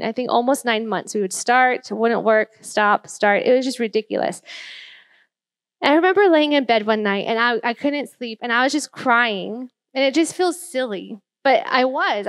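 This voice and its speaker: A woman speaking on a church panel as a parent, telling stories in an earnest, animated way. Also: on the high side, dry recording. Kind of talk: candid panel talk. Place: church room.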